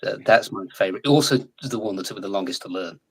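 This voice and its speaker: An English man in his forties, a guest in a casual live chat, talking in a chatty, animated way and laughing often. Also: on the low side, fast, breathy edge, rough recording. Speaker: guest actor.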